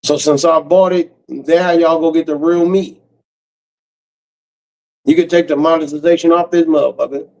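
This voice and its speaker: Gravelly man ranting bluntly. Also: a little high, steady tone, normal speed, pauses often, a little mellow, low-quality recording. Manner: blunt, cursing, harsh. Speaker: streamer. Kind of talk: profane casual rant.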